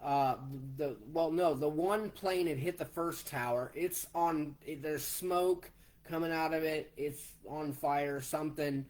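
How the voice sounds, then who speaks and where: A man in his forties, slowly telling a personal story in a plain way, step by step. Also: on the high side, darkish tone. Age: 40s. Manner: slow, plainspoken, retelling step by step. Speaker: vlogger.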